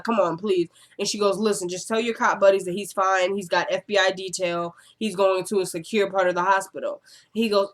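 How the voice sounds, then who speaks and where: A woman casually recapping a TV episode, chatting and acting out the characters' lines in quick quotes, with exasperated asides. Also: mid-range voice.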